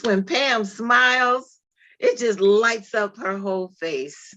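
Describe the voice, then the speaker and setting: A woman's voice: medium pitch, slow pace, bright, forceful tone. Affirming woman sharing a prayer. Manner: affirming, quotes prayers, gives many short agreements. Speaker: group member. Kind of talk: casual faith-based group chat.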